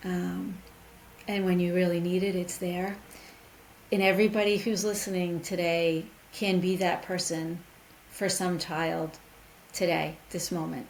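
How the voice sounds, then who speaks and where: A woman's voice: on the low side, flat delivery, measured pace, gravelly, a little hiss or hum, poor audio. Woman, middle-aged, interview guest, encouraging, faint ambience. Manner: warm, encouraging, with fillers. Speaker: nonprofit CEO guest. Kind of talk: interview conversation.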